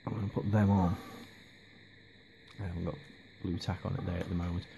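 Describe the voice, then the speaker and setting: Guy rambling about his hobby, low voice, lots of ums, faint noise behind. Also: flat delivery, a little fast, creaky, dark tone. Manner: hesitant, lots of ums and restarts. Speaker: miniature hobby vlogger. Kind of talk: casual rambling update.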